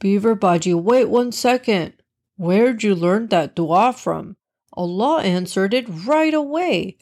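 A woman's voice: mid-range voice, expressive, slow pace, a little mellow. A woman voicing an anxious, tired young male bat who rambles worried prayers.

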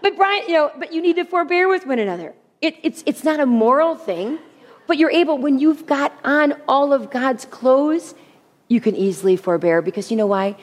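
A woman preaching a sermon with humor, animated, often repeating her key phrases. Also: high voice, normal speed. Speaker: women's speaker. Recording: long hall reverb.

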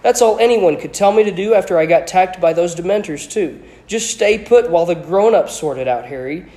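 A man voicing a frustrated, angry teenage boy wizard who speaks tersely, loudly and impatiently. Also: fairly high pitch, expressive, normal speed, close to an everyday voice.

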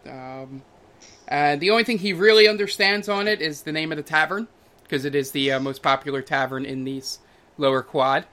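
A man running a tabletop game, narrating scenes in a bright, forward voice. He talks haltingly and fills his pauses with ums and uhs. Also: fairly high pitch. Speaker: game master.

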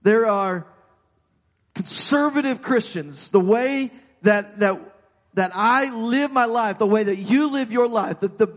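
A man with a high voice delivers a sermon from the pulpit, earnest and insistent. He doubles back on his words again and again as he presses his point. His voice rings with the long reverb of a large church sanctuary. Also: takes it slowly. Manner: earnest preaching with frequent repeated words and restarts. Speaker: pastor.

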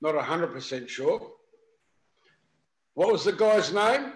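A man's voice: on the high side, expressive, slow, echoey room. A man speaking hesitantly in a casual podcast chat.

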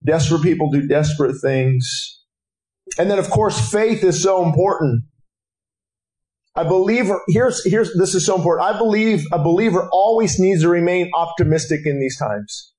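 High-voiced male preacher in an echoey hall. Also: normal speed, a little mellow. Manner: impassioned, rising to urgent exhortation. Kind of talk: sermon. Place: breakfast gathering hall.

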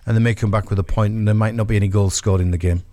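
A man co-hosting a radio football show, giving his match picks in casual chat, pausing often. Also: fairly low pitch, steady tone, warm tone. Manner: hesitant, fills pauses with um and uh. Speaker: radio co-host.

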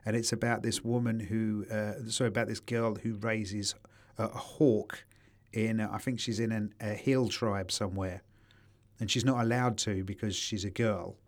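A man's voice: on the low side, steady tone, normal speed. A man, a podcast co-host teasing his friend in casual chat and swearing freely.

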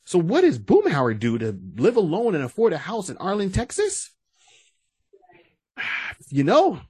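A man co-hosting a casual podcast, animated and breaking into quoted voices as he talks. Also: sits high, a little slow, husky, no room sound. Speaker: podcast co-host. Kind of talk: casual chat.

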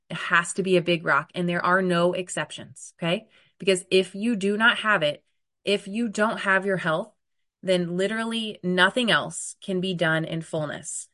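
Lady coach in her 30s talking straight to her group, bit of a cold, keeps saying okay?, voice on the low side. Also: sharp tone. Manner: direct, emphatic, frequent "okay?" check-ins. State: getting over a cold, occasional cough. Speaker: weight loss coach. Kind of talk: coaching talk to an online group.

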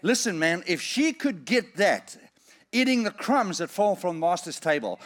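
A middle-aged man preaching a sermon, reading scripture slowly and emphatically, then rising and falling in loudness as he drives his points home. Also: a faint crowd. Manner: animated preaching with lively swings in pitch and volume.

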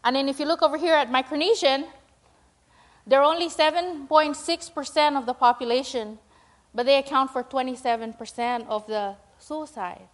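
A woman's voice: high voice, normal speed. A middle-aged woman gives a church presentation with slides, talking in a conversational, rambling way with many fillers and tag questions. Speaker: school principal giving a church talk.

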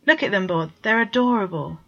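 A man's voice: sits high, brisk, a bit bright, lo-fi sound. A woman voicing a stubborn, playful adult man who pleads and teases to keep some kittens. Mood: pleading. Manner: pleading, teasing.

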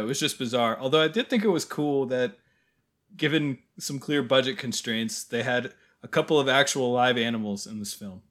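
A man co-hosting a podcast, making wry, deadpan asides about a film, with hesitant restarts. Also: medium pitch. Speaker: podcast co-host. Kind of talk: casual film review chat.

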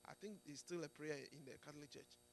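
Emphatic high-voiced preacher. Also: male voice, quick pace, creaky. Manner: emphatic, with frequent restarts and "Amen"s and "Do you get it?". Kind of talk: sermon.

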